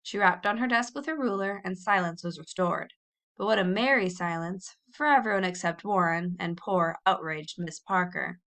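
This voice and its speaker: A woman's voice: lowish voice, moderate pace, a bit bright. A woman reading a classic children's novel aloud as a storyteller, lifting her voice for the children's quoted lines. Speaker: audiobook reader. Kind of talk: scripted narration of a children's novel.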